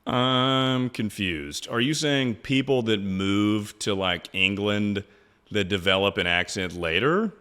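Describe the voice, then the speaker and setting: A man streams live in loose, joking chatter, swearing often and calling everyone "dude." His voice is lowish, bright, smooth and forceful, and he speaks at a slow pace.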